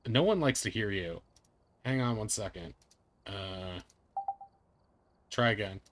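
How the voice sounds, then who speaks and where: Guy streaming games, chatty and jokey, lowish voice. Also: expressive, slow pace, background noise. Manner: chatty, joking, thanks viewers warmly. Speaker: streamer and game host. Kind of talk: casual live-stream chat.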